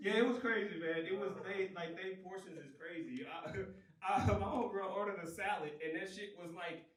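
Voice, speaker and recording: A man doing a stand-up comedy set, telling stories in an animated way, acting out voices and laughing as he goes. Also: high-pitched, moderate pace, noisy background. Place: comedy venue with a laughing audience. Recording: roomy live sound from a distance, crowd audible.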